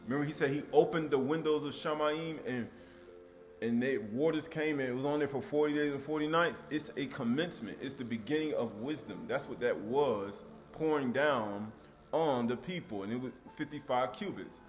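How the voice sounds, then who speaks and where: A man's voice: mid-range voice, moderate pace, soft background music. A man giving a scripture teaching, emphatic, repeating key words and asking rhetorical questions.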